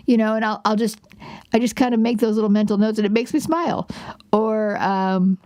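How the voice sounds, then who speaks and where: Woman in her forties, podcast host; chatty and self-deprecating, mellow tone, dry close sound. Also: medium pitch, brisk, dry recording. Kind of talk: casual parenting podcast talk.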